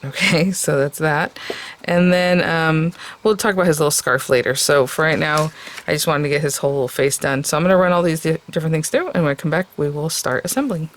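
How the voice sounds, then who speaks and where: A woman hosts a homey crafting tutorial in a loose, thinking-aloud way, often pausing on fillers. Her voice has a gravelly fry to it, and there is a faint hum of background noise. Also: low-pitched. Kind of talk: casual step-by-step crafting tutorial.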